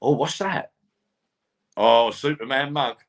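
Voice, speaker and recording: A man's voice: mid-range voice, slow pace, very noisy. A man appearing as the guest medium on a live online show, chatty and teasing, often stammering at the start of a sentence. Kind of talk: casual live-stream chat.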